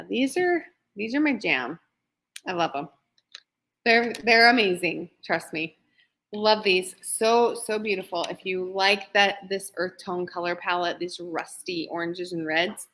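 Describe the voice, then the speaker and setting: A woman's voice: medium pitch, pushed and bright. A woman who owns a small shop, presenting new products on a live shopping stream in a bubbly, gushing, chatty way.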